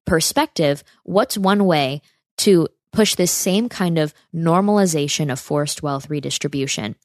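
A woman's voice: low-pitched, no room sound, studio quality. A woman hosting a political commentary podcast, speaking emphatically and throwing out sarcastic rhetorical questions. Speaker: podcast host.

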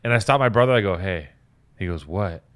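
A man in casual chat, telling stories in an animated, profane way. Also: medium pitch, very fast, clean tone.

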